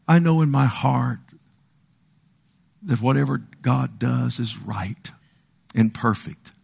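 An older man preaching a sermon with passion, moving from loud pleading to hushed lines and acting out the voices he quotes. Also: medium pitch, slow pace, gravelly, pauses often, slightly rough.

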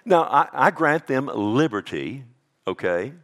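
A male pastor delivering a sermon, swinging between loud emphatic bursts and hushed intensity and calling out to the congregation. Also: medium pitch, very animated, a little slow. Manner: calls out "Amen?" to the congregation.

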